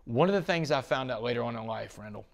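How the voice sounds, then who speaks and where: Middle-aged man, gravelly, animated interview storyteller. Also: mid-range voice, quick pace. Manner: animated storyteller, quotes others, swings loud and soft. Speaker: podcast guest.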